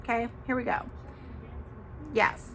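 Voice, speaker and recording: A woman hosting her own podcast talks casually and emphatically to viewers, handing out tough-love advice with the occasional cuss word. She speaks slowly in a bright, forceful tone, with a little hiss or hum in the recording.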